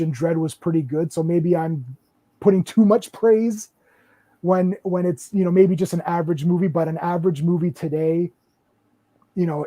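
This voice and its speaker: A man's voice: a little high, warm tone. A man in his forties hosting a casual film discussion. He rambles and repeats words as he searches for what to say. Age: 40s. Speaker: podcast host.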